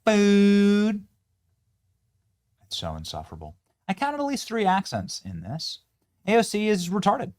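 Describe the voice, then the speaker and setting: A man in his thirties hosts a political show and reacts to clips with open sarcasm. His voice is very lively, shooting up into loud jeers and falling back to grumbling asides. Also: brisk. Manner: sarcastic, scornful, swings between loud jeers and low mutters. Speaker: political commentator host. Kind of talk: reacting to clips, mocking commentary.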